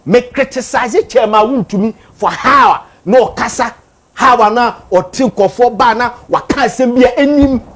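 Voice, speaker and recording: Mixing Twi and English, a Ghanaian-accented speaker offers animated commentary in a casual chat. The voice is medium in pitch and the delivery a little slow.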